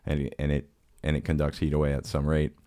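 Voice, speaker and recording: Podcast host, man, extremely deep voice, casual rambling storyteller, crude and self-deprecating. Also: monotone, fairly quick, mellow, dry recording. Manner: rambling, profane, self-mocking with quoted impressions.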